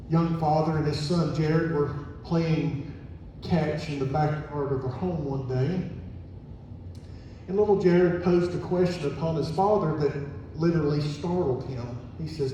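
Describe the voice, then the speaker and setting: A male pastor delivers a sermon in a church sanctuary, retelling a story with quoted dialogue in a mellow, slightly raised voice. The recording is distant and roomy, with long reverb from a large hall. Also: fairly high pitch, steady tone, moderate pace, slight background noise. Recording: echoey church hall from far off.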